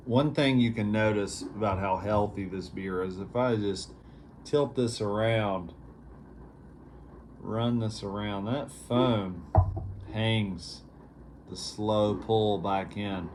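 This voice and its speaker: A man's voice: fairly low pitch, darkish tone, slight background noise. A man hosting a casual vlog review, talking in an easygoing, rambling way with lots of fillers. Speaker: beer reviewer, show host.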